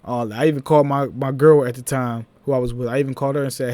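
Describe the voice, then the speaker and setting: A young man with a Philadelphia accent, telling a personal story in a casual, animated vlog, with laughing asides. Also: medium pitch, quick pace, hardly any pauses, no room sound.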